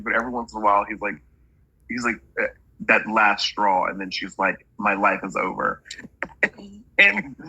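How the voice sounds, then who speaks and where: A man's voice: lowish voice, pushed and bright, husky, dry recording, poor audio. A man working as a medium, relaying messages in a chatty reading and stringing quotes together with "he's like".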